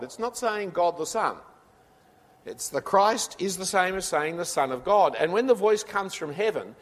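Preacher with a lively, emphatic sermon voice. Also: male voice, on the high side. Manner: emphatic, building to forceful climaxes; addresses listeners directly with rhetorical questions. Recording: long hall reverb.

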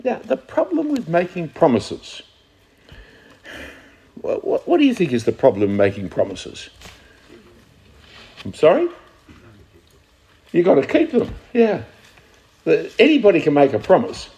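Lively, husky-voiced man preaching. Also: fairly high pitch, unhurried, pauses often. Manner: lively, conversational teaching with questions to the audience. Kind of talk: sermon.

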